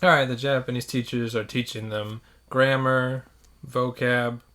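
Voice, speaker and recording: Casual male co-host, mid-pitched and bright, a storyteller. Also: level tone, a little slow. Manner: storytelling, acts out quotes. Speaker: podcast co-host. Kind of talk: casual chat. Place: living in Japan.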